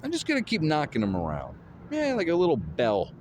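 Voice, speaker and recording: A man's voice: fairly high pitch, huge pitch swings, a little fast, a little mellow, a little hiss or hum. Swaggering man trash-talking on a phone. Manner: boastful, swaggering, playfully taunting. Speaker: vlogger. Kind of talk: rambling fight trash talk.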